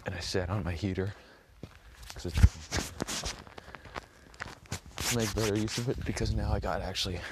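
A man's voice: fairly low pitch, fairly even intonation, normal speed, long pauses, heavy background noise. A young man vlogging casually to his phone, rambling, swearing often and filling gaps with "like". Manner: rambling, swears a lot, heavy use of "like".

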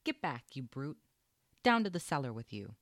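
Man playing a shrill scolding aunt. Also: very animated, moderate pace, fairly bright tone, no echo, studio quality. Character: fussy shrill older aunt, stern and fretful.

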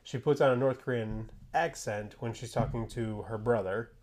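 A man's voice: medium pitch, normal speed, darkish tone. A man co-hosting a podcast in casual chat, talking loosely with many fillers and restarts. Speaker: podcast co-host.

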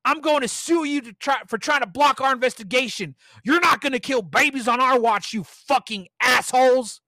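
A man's voice: very high voice, moderate pace, pushed and bright, no echo, voice pushed up. A man voicing a burly, furious man who screams a cursing tirade through a car window.

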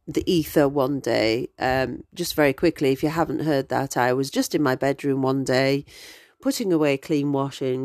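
A woman's voice: sits low, a little mellow, no room sound, clean studio sound. A woman in her forties, a podcast host telling stories in a chatty, digressive way with many ums. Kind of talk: casual storytelling.

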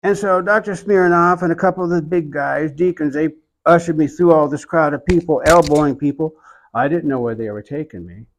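An older man from Oklahoma with an Oklahoman accent, telling his own story in an interview in a reflective, unhurried way with soft asides. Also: on the high side, fairly even intonation, rough recording.

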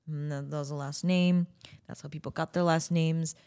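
A woman hosting a daily podcast talks in a loose, chatty way. Her voice sits a little low. She keeps slipping into playful asides and silly voices. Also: fairly even intonation, moderate pace, a little mellow, clean tone. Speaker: podcast host. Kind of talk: casual chat.

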